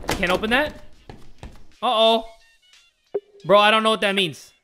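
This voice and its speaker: A young man commentating a video game, excitable, joking and swearing. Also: high voice, moderate pace, long pauses, over music. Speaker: gaming channel host. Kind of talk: let's-play commentary.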